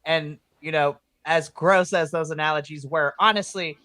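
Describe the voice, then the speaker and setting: A woman co-hosting a podcast in casual chat, excitable and quick to laugh and swear. Her voice is bright and forward, and the sound is dry and close. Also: sits low, no room sound. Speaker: podcast co-host.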